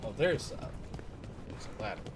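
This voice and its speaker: A man chatting casually while he plays a game on a livestream, rambling with lots of fillers. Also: a little fast. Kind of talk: casual gameplay commentary. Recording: loud background noise.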